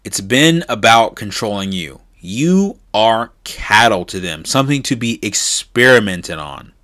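A man's voice: lowish voice, sing-song, a little slow, sharp tone, no echo, studio quality. A man delivering an emphatic opinion monologue as a political commentator, insistent and punctuating points with a pressing "okay?". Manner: emphatic, repeats "okay?" for stress; insistent, rising in intensity.

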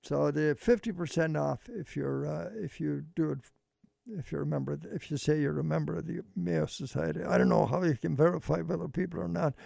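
Male radio host, slightly high, heavy vocal fry, dry close sound, halting casual patter. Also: warm tone, dry recording. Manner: halting, rambling announcements. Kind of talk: casual on-air chat with a co-host.

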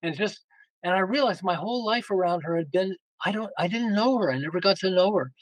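A man's voice: high voice, a little fast, dry recording, low-quality recording. An older man, a podcast guest, telling casual family stories and acting out bits of dialogue with a chuckle. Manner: animated, acts out family dialogue, chuckles often. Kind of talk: casual interview storytelling.

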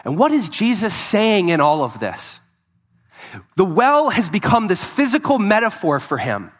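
A man's voice: high-pitched, big pitch swings, unhurried, a bit bright. A man preaching a sermon, telling a story in an earnest voice that swells and drops for emphasis. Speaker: pastor.

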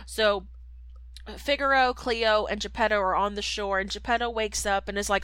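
A woman's voice: mid-range voice, fairly even intonation, moderate pace, fairly bright tone, smooth, no echo, poor audio. A woman co-hosting a podcast, casually retelling a film plot with lots of fillers. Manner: chatty, lots of fillers and voices. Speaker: podcast co-host. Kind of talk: casual movie recap.

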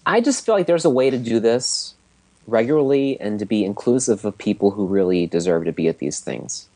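A man co-hosts a live-streamed chat in a somewhat low voice. He speaks in a relaxed, matter-of-fact way, and a keyboard clacks behind him. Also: fairly quick. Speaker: podcast co-host.

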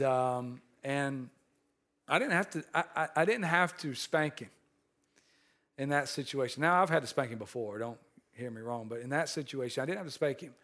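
A man preaching a sermon, telling a personal story with many restarts and repeated words, moving between animated and quiet, earnest passages. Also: mid-range voice. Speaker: pastor.

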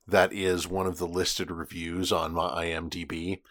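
A man with a very deep voice, chatting casually on a podcast. He lays out background facts at an easy, relaxed pace. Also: moderate pace. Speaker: podcast co-host.

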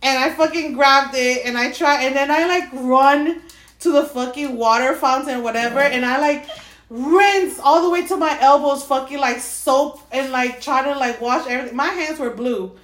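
Animated high-voiced woman telling a story. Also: moderate pace, echoey room. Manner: animated, swears a lot, many fillers, laughs while telling. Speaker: podcast co-host. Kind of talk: casual storytelling chat.

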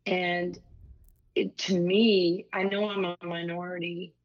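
A woman coach talking as an interview guest, halting and restarting often as she speaks. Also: fairly low pitch, level tone. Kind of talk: casual interview chat. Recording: dull lo-fi sound.

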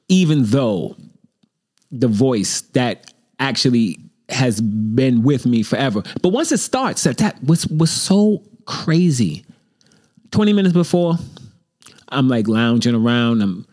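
A man at home talks into a desk mic, hosting his own show in a loose, rambling way. He pokes fun at himself and sometimes drops into a low mutter to play the doubting voice in his head. His voice sits in the middle of the usual range for a man. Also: darkish tone. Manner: rambling, self-deprecating, acts out his inner critic in a low muttering voice. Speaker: host. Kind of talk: casual solo monologue. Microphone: desk microphone.

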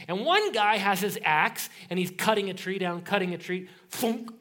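A man's voice: high voice, normal speed, slight background noise. A male pastor preaching a sermon, telling a scripture story in a casual, joking way and acting out the voices in it. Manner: animated storytelling, acts out voices in quotes.

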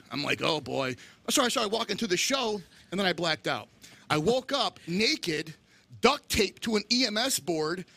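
A middle-aged man telling animated stories in casual chat, acting out the voices of people he quotes. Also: sits high, creaky. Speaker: guest.

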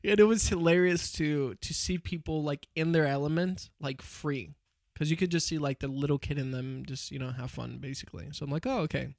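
A man's voice: a little high, a little fast, creaky, hardly any pauses, no echo, studio quality. A young man in casual podcast chat, telling stories in a rambling way with lots of fillers and restarts.

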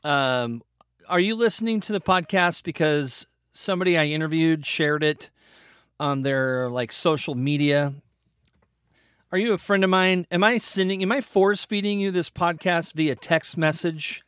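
A man hosting his own podcast solo, upbeat and rambling, with playful jumps in pitch and a chatty, energetic manner. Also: smooth, no room sound, studio quality. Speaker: podcast host.

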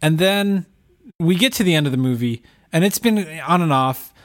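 A man chatting casually as a podcast co-host, telling a story with lively, animated delivery and mimicked voices. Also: a little high, moderate pace. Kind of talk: casual chat.

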